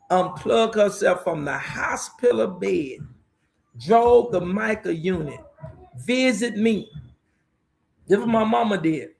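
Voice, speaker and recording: Middle-aged male pastor, very gravelly, raised pitch, emotional preaching testimony. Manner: preaching storyteller, repeats "watch this here". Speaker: pastor guest.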